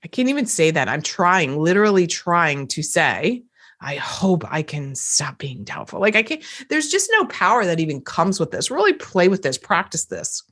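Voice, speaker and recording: A woman's voice: fairly low pitch, very animated, normal speed, a bit bright. A woman hosting a motivational podcast, talking emphatically and repeating phrases for effect. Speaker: podcast host, coach.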